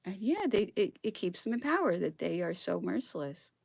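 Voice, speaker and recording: A woman's voice: mid-range voice, big pitch swings, moderate pace, creaky, darkish tone, breathy edge, no room sound. A woman in an impassioned solo vlog monologue, dropping into whispers at times and close to tears. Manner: emotional, drops into whispered asides, near tears. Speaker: vlogger reading history aloud.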